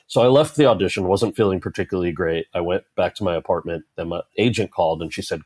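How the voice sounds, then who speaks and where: A man's voice: deep voice, quick pace, few pauses, husky, no room sound. A man, an actor telling a story as an interview guest and voicing the people in it. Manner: animated anecdote-telling, quoting others in character. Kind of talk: conversational storytelling.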